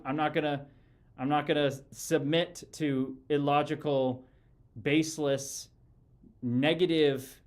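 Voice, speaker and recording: Blunt man hosting a livestream, calling everyone brother. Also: a little high. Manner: blunt and combative, calls people "brother". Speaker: livestream host. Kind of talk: casual livestream chat reading viewer comments.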